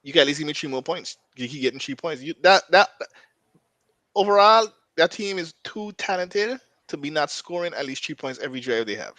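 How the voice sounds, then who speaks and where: A man co-hosting a casual football talk stream, animated and repeating words as he gets going. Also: a little high, fairly quick, no echo. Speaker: co-host.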